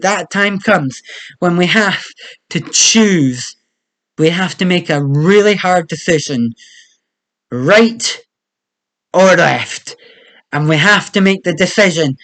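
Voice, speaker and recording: A man's voice: high-pitched, lively intonation, unhurried. A young British man delivering a wry, self-deprecating stand-up comedy monologue.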